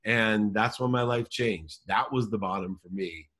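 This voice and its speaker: A man in his forties tells his own story in a lowish voice. He speaks earnestly and with emphasis, and slows down to lean on the lines that matter most. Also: fairly bright tone, breathy edge. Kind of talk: personal story told in conversation.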